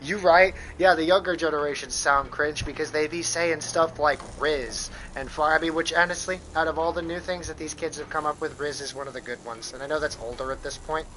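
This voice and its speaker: A man's voice: fairly high pitch, steady tone, a little fast, few pauses, sharp tone, slight background noise, rough recording. Profane rambling American man streaming. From United States. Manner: rambling and profane, with frequent restarts. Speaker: live streamer. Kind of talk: casual gaming stream chat.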